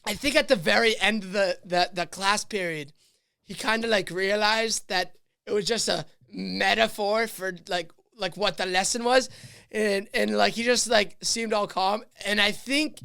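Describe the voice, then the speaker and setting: A man's voice: sits high, unhurried, vocal fry, clean tone. A man who works as a teacher, chatting casually as a podcast guest and telling a classroom story with lots of acted-out voices. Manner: animated storyteller, acts out voices. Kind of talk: casual chat.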